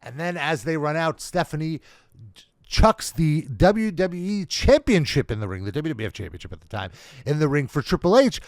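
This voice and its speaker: A man co-hosting a wrestling review podcast in casual chat, excitable and acting out the crowd's reactions. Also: on the high side, moderate pace, no echo, clean studio sound. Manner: excitable, acts out quoted reactions. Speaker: podcast co-host.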